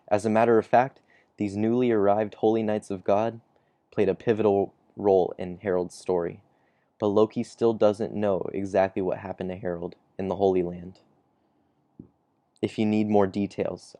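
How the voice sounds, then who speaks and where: Low, mellow-voiced man reading a recap. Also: no echo. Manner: chuckles often, trails off mid-sentence. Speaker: comic chapter reviewer. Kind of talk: casual recap reading dialogue aloud.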